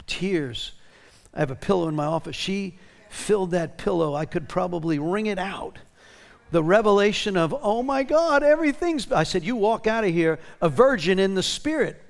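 A man preaching a sermon, animated and emphatic, reading scripture aloud with feeling. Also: high voice, vocal fry. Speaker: pastor.

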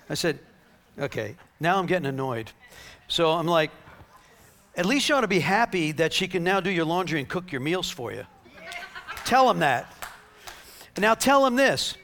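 High-voiced man preaching animatedly. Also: moderate pace. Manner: animated, acts out dialogue, laughs. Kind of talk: sermon with storytelling.

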